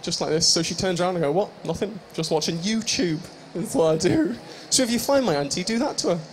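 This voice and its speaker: A man's voice: high voice, big pitch swings, fast, a little hiss or hum. A young man hosting a live stage show, joking and teasing the audience in improvised comic banter. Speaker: stage host at a live fan convention.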